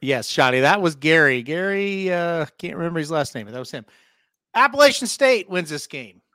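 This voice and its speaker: A man with a high-pitched voice hosts a casual sports betting show, breezing through picks and throwing questions to his partner. The sound is dry and close, with no room around it. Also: big pitch swings, normal speed, bright, forceful tone, dry recording. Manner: breezy, leads the picks and asks for co-host's take. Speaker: sports betting podcast host.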